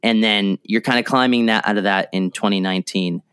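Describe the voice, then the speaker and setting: A man's voice: on the low side, fairly even intonation, a little fast, a bit bright, clear, resonant tone, no echo, studio quality. A man hosting a podcast, asking long-winded questions and joking with his guest. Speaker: podcast host. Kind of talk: casual interview chat.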